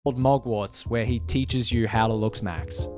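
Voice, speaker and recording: A man's voice: mid-range voice, steady tone, moderate pace, music in the background. A man narrating a commentary video in a wry, incredulous tone.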